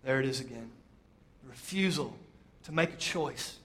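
A man preaching a sermon, retelling a scripture story with dramatic pauses and quoted lines. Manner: storytelling, voices quotes with rising pitch, drops soft for emphasis.

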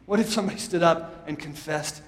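A man's voice: fairly high pitch, brisk. A man preaching a sermon as a pastor, emphatic and conversational, leading his congregation in call-and-response. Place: church sanctuary. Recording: echoey hall, long reverb.

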